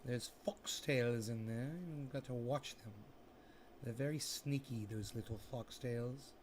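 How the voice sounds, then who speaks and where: A man's voice: mid-range voice, fairly even intonation, a little slow, a little hiss or hum. Man with a put-on proper English manner. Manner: affected, proper English-sounding persona delivery; theatrical, self-mocking, talks to himself while working. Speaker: livestream host. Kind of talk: casual livestream chat to viewers.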